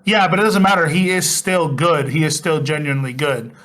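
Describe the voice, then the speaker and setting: A man's voice: a little high, a little fast. A man co-hosting a podcast, animatedly retelling movie scenes in casual chat. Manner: animated retelling, acts out lines. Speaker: podcast co-host.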